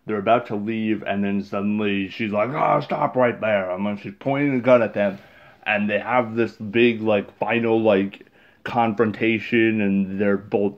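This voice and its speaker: A man talks through a film's plot in a loose, rambling rant, stumbling over words and filling gaps with ums. His voice sits fairly low, and his tone turns sarcastic and exasperated. The audio is a little dull and lo-fi. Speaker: movie reviewer. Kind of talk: casual recap rant.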